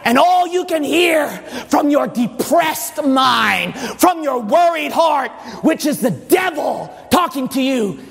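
High-voiced dramatic male preacher. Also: sing-song, slow, creaky, few pauses. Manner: dramatic, swings into shouting and sing-song. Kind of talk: sermon. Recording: long hall reverb.

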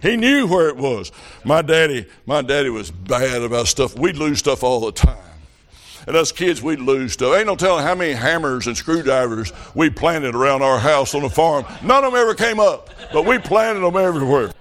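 A man's voice: medium pitch, moderate pace, fairly bright tone. A middle-aged man preaching a revival sermon, telling folksy stories that rise to fervent calls.

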